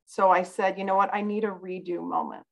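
A woman's voice: mid-range voice, fairly even intonation, brisk, gravelly, low-quality recording. A woman guest on a podcast, telling a personal story in an earnest, candid way. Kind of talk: casual conversation, personal storytelling.

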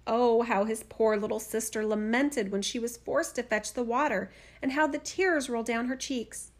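A woman narrating a fairy tale in a steady, expressive storytelling voice. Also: fairly high pitch, moderate pace. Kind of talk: fairy tale read-aloud.

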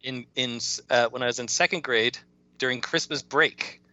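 A man's voice: mid-range voice, normal speed, sharp tone, dry recording, dull audio. Chatty storytelling man in his fifties. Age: 50s. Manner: chatty storyteller, laughs often. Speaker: podcast co-host. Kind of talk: casual chat.

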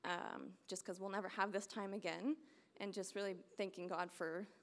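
A young woman from the United States shares a church testimony in an earnest, rambling way, leaning on fillers. Her voice has a gravelly, fry-tinged edge at a middle pitch. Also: steady tone, normal speed. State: getting emotional. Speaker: church member sharing testimony.

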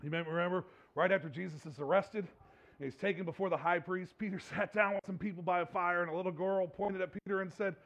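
A man's voice: high voice, fairly even intonation, quick pace, a bit bright. A man preaching a sermon as a pastor, in a conversational, humorous way, laughing often. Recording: dull lo-fi recording.

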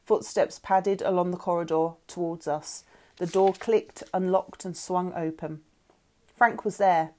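A woman's voice: on the low side, a little slow. Woman reading a novel aloud. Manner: expressive storytelling. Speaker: teacher reading to a class.

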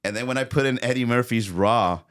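A man's voice: mid-range voice, fairly quick, fairly bright tone. A man, a comedian guest on a podcast, chatting casually and rambling with many fillers and restarts.

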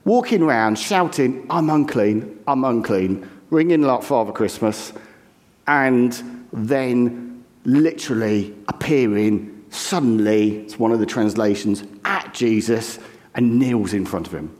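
A man preaching a conversational sermon, telling the story with lively animation and acting out the crowd's reactions. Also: mid-range voice, a little slow. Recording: long hall reverb.

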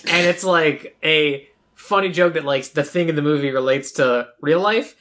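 A woman's voice: sits low, normal speed, a bit bright. A woman co-hosting a casual chat, rambling through a movie plot and quoting the characters. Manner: rambling retelling with quoted character voices. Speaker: podcast co-host recapping a movie.

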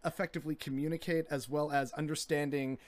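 A man's voice: a little high, steady tone, fast, no room sound. A man in casual conversation, talking in a reflective, hesitant way with many fillers.

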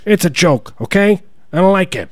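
A blustering, self-important politician, put on by a man in a comedy podcast bit. He brags in short, repetitive bursts, pitched well above his normal talking voice. The sound is dry and close. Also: animated, normal speed, dry recording. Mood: boastful. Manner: brash, repetitive boasting. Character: boastful blustering male politician.

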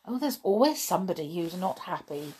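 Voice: mid-range voice, slow pace, vocal fry, mellow, a little hiss or hum. Woman voicing a muttering, grumpy boy. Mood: grumbling. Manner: muttering, grumbling. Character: grumbling boy patient.

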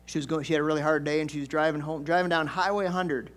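A man's voice: on the high side, little pitch movement, very fast. Older male pastor preaching folksy stories. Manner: conversational, folksy, emphatic swells. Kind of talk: storytelling sermon.

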